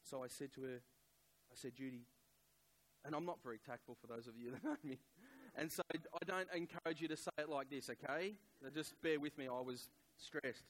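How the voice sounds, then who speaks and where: A middle-aged man preaching a sermon, telling a personal story in a conversational, halting way with many fillers. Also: mid-range voice, low-quality recording.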